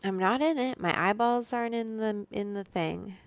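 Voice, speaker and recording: A woman's voice: mid-range voice, moderate pace, no room sound. A woman hosting a casual livestream from home, chatting in a rambling way, reading out viewer names and swearing freely into a studio microphone. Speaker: livestream host. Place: room at home.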